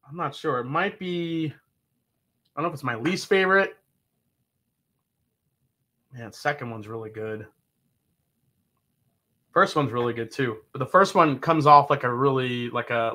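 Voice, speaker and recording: Bright, joking whiskey show host man. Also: mid-range voice, expressive, a little slow, long pauses. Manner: jokey and profane, reading chat comments aloud. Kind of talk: live-stream whiskey tasting chat.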